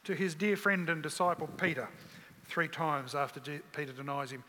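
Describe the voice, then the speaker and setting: A man preaching a sermon with an earnest, bright, forceful voice. He leans on rhetorical questions, and his words ring with a long hall reverb. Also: fairly high pitch, fairly even intonation, moderate pace, a little hiss or hum.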